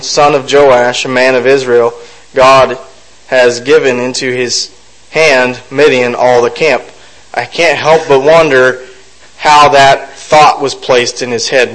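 A man's voice: mid-range voice, a bit bright, low-quality recording. Man reading scripture with musing asides. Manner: reads aloud with frequent fillers and self-corrections. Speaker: Bible study teacher.

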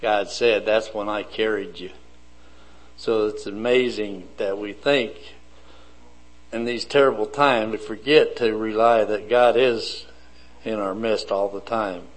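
Slow, deliberate male preacher. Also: fairly low pitch, fairly even intonation, rough recording. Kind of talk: sermon.

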